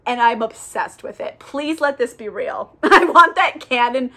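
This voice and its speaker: High-voiced chatty woman book vlogger. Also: animated, a little slow, bright, forceful tone. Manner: chatty, profane, lots of filler words. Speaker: book reviewer. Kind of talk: casual book recap.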